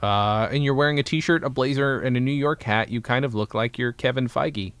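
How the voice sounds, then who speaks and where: A man hosting a podcast in casual, rambling chat. His sentences often trail off into quieter asides. The sound is close and dry, with no room around it. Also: mid-range voice, a little fast, smooth, no echo. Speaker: podcast host.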